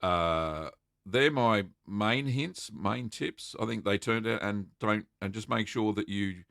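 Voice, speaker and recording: A man's voice: lowish voice, takes it slowly, vocal fry, fairly bright tone, no echo, clean studio sound. A middle-aged Australian man hosting a casual live stream, chatting and answering viewer questions with lots of fillers. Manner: chatty and rambling, reading out names with many fillers.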